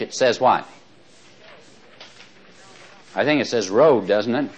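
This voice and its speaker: A man teaching a Bible study class, talking in a chatty, animated way with asides and chuckles, slowing down to read verses aloud. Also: a little high. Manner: slows right down when reading verses aloud. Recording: dull lo-fi recording.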